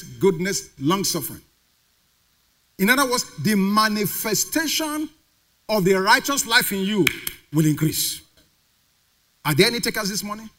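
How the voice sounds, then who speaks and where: A man's voice: high-pitched, bright, forceful tone. A male pastor preaching a sermon to a congregation, putting questions to the crowd and having them call the answers back. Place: church sanctuary.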